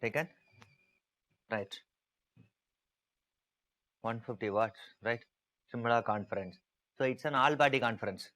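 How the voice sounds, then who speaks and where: A man teaching an online exam-prep class, drilling his points home by repeating them and stressing each one. His voice sits at an ordinary middle pitch, and he keeps checking in with his students as he goes. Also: a little slow, pauses often, fairly bright tone, low-quality recording. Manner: repetitive, emphatic, asks students to type answers.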